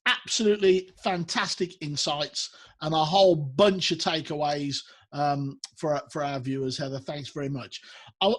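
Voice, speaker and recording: A male interview host with a broad Brummie accent. His voice sits a touch higher than most men's. He talks with bubbly enthusiasm, stacks up fillers and repeats himself. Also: a bit bright. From Birmingham, England. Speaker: talk show host. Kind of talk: casual interview chat.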